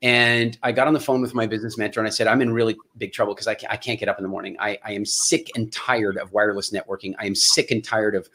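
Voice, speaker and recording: A middle-aged man with a North American accent telling a story as a podcast guest, quick and full of restarts and acted-out dialogue. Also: lowish voice, flat delivery, bright, forceful tone. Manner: fast, restarts phrases, acts out dialogue. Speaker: guest entrepreneur. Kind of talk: animated storytelling in a podcast interview.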